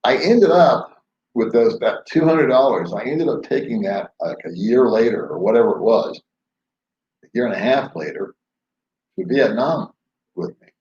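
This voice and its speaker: A man hosts a casual late-night live stream from his home in the Philippines, rambling, chuckling, and telling jokey stories. His voice is medium-pitched, expressive, and darkish at normal speed, with a little hiss or hum. The room is echoey and the sound dull and lo-fi.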